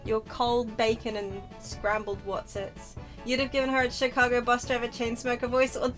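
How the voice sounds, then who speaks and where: A woman's voice: on the high side, little pitch movement, moderate pace, a bit bright, soft background music. A woman co-hosting a gaming stream, chatting casually and teasing with playful banter. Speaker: streamer co-host.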